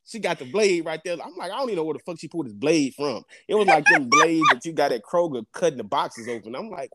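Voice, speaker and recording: A man's voice: on the high side, fast talker, few pauses, no room sound, studio quality. A young man tells a story in casual podcast chat, swearing and laughing often. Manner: animated, profane, laughs often. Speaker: podcast co-host.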